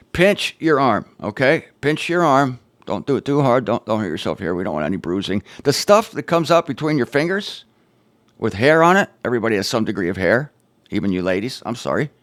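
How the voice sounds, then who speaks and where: A man teaching scripture on his own show, emphatic and animated, his pitch swinging widely as he drives each point home. He slips in dry, sarcastic asides between the serious points. The voice sounds close and dry, with almost no room around it. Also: fairly quick, no room sound. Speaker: Bible teacher and show host. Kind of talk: informal Bible teaching to camera.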